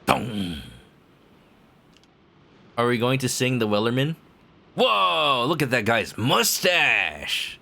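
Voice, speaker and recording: Jokey streamer with a gravelly voice. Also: male voice, mid-range voice, sing-song, slow, pauses often, bright, forceful tone. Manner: jokey, riffing on the game. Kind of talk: casual playthrough commentary.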